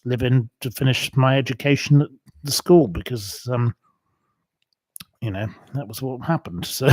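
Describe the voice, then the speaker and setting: A man's voice: medium pitch, dry recording. A man from England hosting a casual livestream, chatting in a digressive way with many ums and restarts. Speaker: livestream host. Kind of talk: rambling casual livestream chat.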